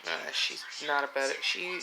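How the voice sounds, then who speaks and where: A woman vlogging casually, cooing at her cats in a high sing-song and dropping low and quiet for asides to viewers. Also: big pitch swings, moderate pace, creaky, poor audio.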